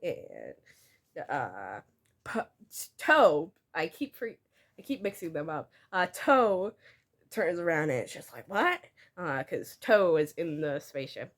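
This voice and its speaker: Giggly young woman, slow and animated. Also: deep voice. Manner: giggly, breaks into laughter often; playfully self-mocking. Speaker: vlogger. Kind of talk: reading and reacting to her childhood comic.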